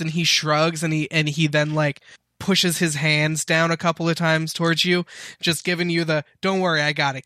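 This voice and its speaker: A man runs a tabletop game, narrating in a loose, filler-heavy way. His voice is slightly high and bright, and the recording is dry and close. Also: no echo. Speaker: game master.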